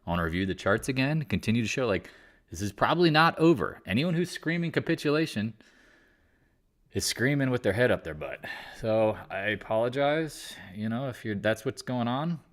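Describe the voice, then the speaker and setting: A man's voice: medium pitch, big pitch swings, moderate pace. A man hosting a casual live market chat, talking in a blunt, rambling and exasperated way. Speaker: market commentary host.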